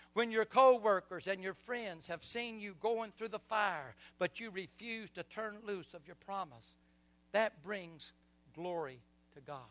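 A middle-aged male pastor preaching with passion, swinging between soft passages and loud surges and calling on the congregation to repeat after him. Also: high voice, dry recording. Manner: impassioned preaching with call-and-response. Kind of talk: sermon.

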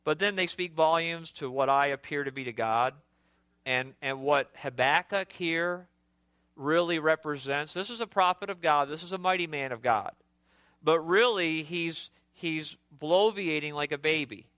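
A man preaching with a bright, forceful edge and a crisp, resonant tone. His voice sits a little high, climbing sharply when he stresses a point. He often trips over his own repeated words. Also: a little slow, no echo. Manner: emphatic preaching with sudden pitch jumps and stumbling repeats. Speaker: pastor. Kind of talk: sermon.

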